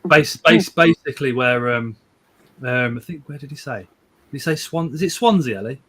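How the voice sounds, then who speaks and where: A man's voice: medium pitch, animated, normal speed, a bit bright, breathy edge. A man hosting a casual live stream from home, rambling, repeating words and chuckling as he reads out viewer comments.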